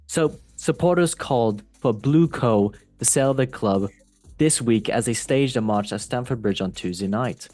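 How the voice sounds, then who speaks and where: Hosting a casual football podcast, a man reads news items aloud and keeps breaking in with jokey asides. His mid-range voice sounds a little mellow, and his manner is loose and playful.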